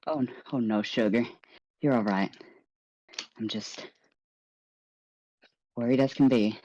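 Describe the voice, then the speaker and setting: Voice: medium pitch, slow pace, mellow, dry recording, muffled recording, lightly acted. A game master doing a doting, fretful Southern aunt in a tabletop game. She is sweet and anxious, and she calls everyone sugar and honey. The voice is dry and close to the mic.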